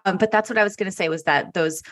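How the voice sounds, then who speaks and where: A woman's voice: medium pitch, quick pace, a bit bright, dry recording, clean studio sound. A woman hosting a podcast, talking in a supportive, blunt way and swearing casually. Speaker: podcast host. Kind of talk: casual interview chat.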